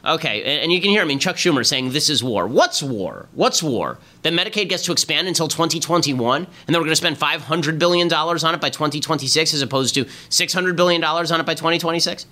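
A man's voice: on the high side, fast talker, few pauses, sharp tone. A man hosting a political commentary podcast, emphatic and opinionated. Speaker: podcast host.

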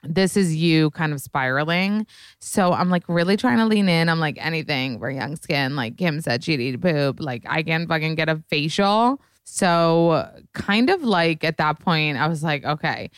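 Low-voiced woman on a podcast, super casual and sweary, smooth clean voice. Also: lively intonation, moderate pace, no room sound, studio quality. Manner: candid, profane, chatty with fillers. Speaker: podcast host. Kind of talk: casual solo podcast chat.

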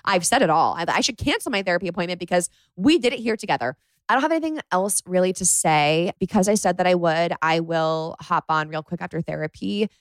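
Speaking briskly with lively intonation in a lowish voice, this young podcast host records solo from her bedroom. She's still emotional after crying, and her chatty, confiding talk is full of "like." The recording is dry.

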